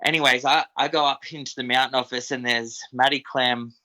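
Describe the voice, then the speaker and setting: A man's voice: medium pitch, fairly even intonation, brisk, bright, forceful tone, poor audio. A young Australian man telling stories as a podcast guest, laid-back and swearing freely, often saying "dude" and "man". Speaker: podcast guest, equipment operator. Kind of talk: casual storytelling.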